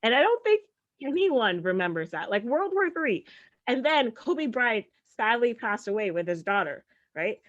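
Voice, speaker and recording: With a fairly high, very animated voice at a moderate pace, a woman delivers a stand-up set on a comedy stage. She's sarcastic and conversational, peppering lines with "like" and "right?", heard through a dull, muffled recording.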